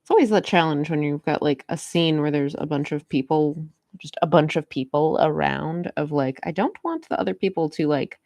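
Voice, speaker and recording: A woman's voice: deep voice, lively intonation, brisk, warm tone, no echo, clean studio sound. A woman artist chatting casually to viewers on a live stream while she draws, greeting them by name. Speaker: comic artist streaming a drawing session.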